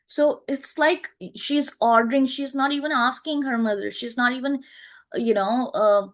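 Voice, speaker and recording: A woman teacher explaining a play line by line, repeating herself and checking with "right?", pausing to search for words. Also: high voice, fairly even intonation.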